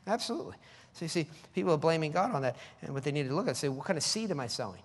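A man preaching a lively sermon. His voice sits high and jumps widely in pitch. It rings out in a hall with a long echo. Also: husky. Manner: animated, reads scripture slowly, mocks with high voices.

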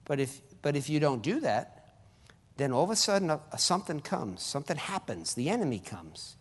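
Man preaching with lively swings. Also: on the high side, normal speed, husky, in a large hall. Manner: preaching with sudden rises and drops in force. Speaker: pastor. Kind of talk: sermon.

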